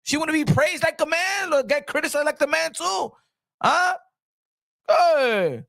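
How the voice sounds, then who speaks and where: A man hosting a solo boxing talk show, loud and playful, repeating his lines in mock outrage and tossing in Spanish phrases. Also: very high-pitched, expressive, a little slow, gravelly, no room sound, studio quality.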